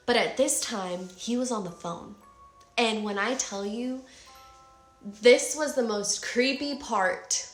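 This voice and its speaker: A woman in her twenties telling a personal story in an animated way, acting out her own shouts and quoted lines. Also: a little high, takes it slowly, reverberant, faint music behind. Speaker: vlogger. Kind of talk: emotional storytime retelling.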